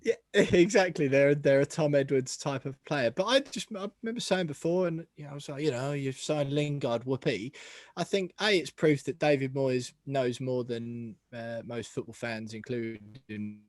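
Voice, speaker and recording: A man hosts a casual football podcast, chatty and quick to laugh at himself. His voice sits at an ordinary middle pitch, and the sound is very dry and close. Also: no echo. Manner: chatty, self-deprecating, laughs often. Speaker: podcast host.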